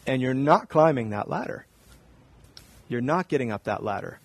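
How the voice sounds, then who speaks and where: A male pastor preaching a sermon, telling stories animatedly and acting out dialogue, then slowing to quiet emphatic lines. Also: mid-range voice, animated, vocal fry, breathy edge, no room sound, rough recording. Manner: drops to slow, quiet emphasis.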